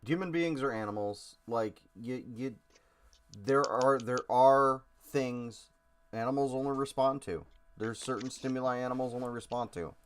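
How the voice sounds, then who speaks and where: A man's voice: medium pitch, moderate pace, smooth. A man with a mid-range voice speaks in a blunt, profane way on a casual podcast. He jokes around and reasons things out with his co-host. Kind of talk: casual chat.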